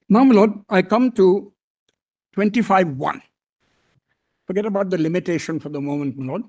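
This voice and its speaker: An older man, giving a formal courtroom argument as a senior advocate, deferential and measured, addressing the bench as "my lord" over and over. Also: sits high, a little mellow. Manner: formal and deferential, repeatedly saying "my lord", with pauses and restarts.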